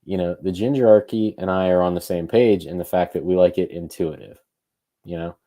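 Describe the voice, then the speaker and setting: A man's voice: low voice, a little fast, dark tone. A man co-hosting a podcast, thinking aloud in loose, casual conversation. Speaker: podcast co-host.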